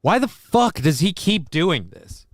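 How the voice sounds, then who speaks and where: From a home studio with no echo, a podcast host rants angrily and sarcastically about politics, swearing along the way. His voice sits high, swings widely in pitch, and moves a little slowly.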